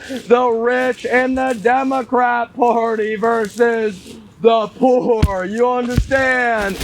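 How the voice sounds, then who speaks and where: A man giving an insistent monologue, repeating his points and often addressing listeners as "y'all". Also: very high-pitched. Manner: insistent, repetitive, keeps saying "y'all". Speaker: commentator. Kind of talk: monologue to camera. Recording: noisy recording.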